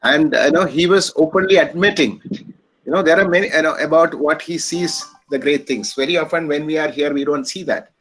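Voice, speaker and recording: Rambling middle-aged indian host. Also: male voice, fairly high pitch, fairly quick, a bit bright, husky, poor audio. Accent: Indian English. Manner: rambling, many fillers, storytelling. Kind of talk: closing remarks and anecdote.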